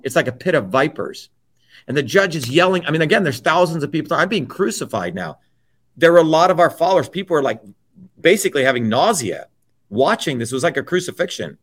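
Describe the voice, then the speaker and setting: A man's voice: on the high side, big pitch swings, fast talker. A man as an interview guest, telling his story in a blunt, emphatic way, often checking in with "okay?" and swearing freely. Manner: forceful, checks in with repeated "okay?".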